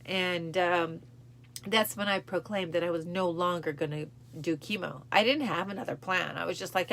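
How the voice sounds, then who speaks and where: Low, gravelly woman talking casually. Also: steady tone, normal speed, a bit bright, slight background noise. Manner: emotional, repeats phrases, acts out film lines with rising pitch. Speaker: host of a cancer support show. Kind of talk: casual talk to camera.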